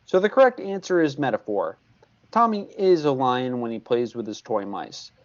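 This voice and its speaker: Patient older man teaching, lively pitch. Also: moderate pace, muffled recording. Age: 60s. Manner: patient, repeats key points. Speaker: math tutor. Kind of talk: recorded video lesson.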